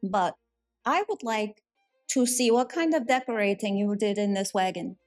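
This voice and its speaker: A woman voicing an odd, earnest young woman who speaks in stiff, formal, halting phrases. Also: mid-range voice, soft background music, lightly acted. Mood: firm.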